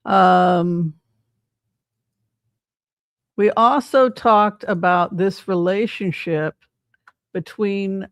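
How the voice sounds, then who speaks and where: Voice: mid-range voice, gravelly, no echo, clean studio sound. A psychic tarot reader giving casual livestream commentary in a chatty way, often asking the audience rhetorical questions.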